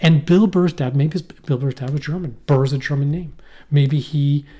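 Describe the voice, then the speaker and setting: A man co-hosting a podcast, rambling and animated in casual chat. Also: a little high, moderate pace. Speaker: podcast co-host.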